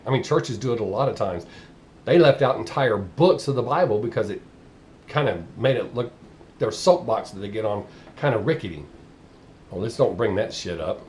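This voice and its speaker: A man's voice: mid-range voice, darkish tone, slight background noise. A man with a Southern US accent, ranting bluntly and profanely in a casual vlog monologue. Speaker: vlogger.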